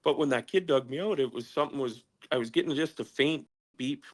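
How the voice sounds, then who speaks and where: Profane, animated male storyteller. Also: mid-range voice, a little fast. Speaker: podcast guest. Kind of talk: casual storytelling.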